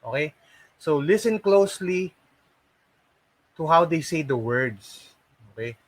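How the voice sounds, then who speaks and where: A man in his forties talks through a casual training lesson for call center hopefuls. His voice sits slightly high for a man, and he keeps pausing to ask "okay?" between restarts and fillers. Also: expressive, dry recording, low-quality recording.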